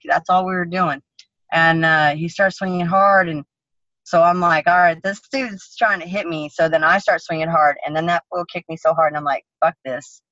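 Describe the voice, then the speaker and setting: A woman guest in an interview, telling a story casually in a blunt, profane, animated way. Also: on the low side, no room sound, muffled recording. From United States. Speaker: interview guest, MMA fighter.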